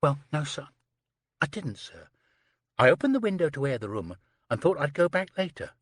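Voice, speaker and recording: A man's voice: on the high side, sing-song, moderate pace, breathy edge, dry recording, clean studio sound. A man voicing a chatty, prim young housemaid who rattles on breathlessly, saying "sir" constantly. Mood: flustered. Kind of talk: audiobook character reading.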